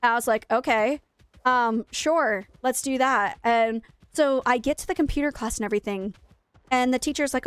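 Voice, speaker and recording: A woman's voice: fairly high pitch, normal speed, clear, resonant tone, dry recording. A young woman streamer chatting casually while gaming, telling a rambling, self-mocking story.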